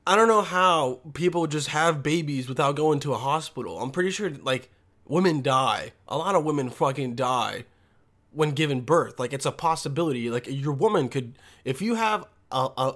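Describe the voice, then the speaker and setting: A man talks alone in a rambling, foul-mouthed monologue, often losing his thread and starting over. He is blunt and combative, and his voice sits fairly high for a man. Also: fairly bright tone. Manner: crude, rambling, loses his thread, heavy swearing.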